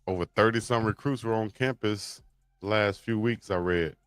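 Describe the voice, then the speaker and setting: A man's voice: fairly low pitch, normal speed, fairly bright tone, clean tone, no echo, studio quality, faint music behind. A man hosting a casual sports talk show, telling stories in a laid-back way. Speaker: host.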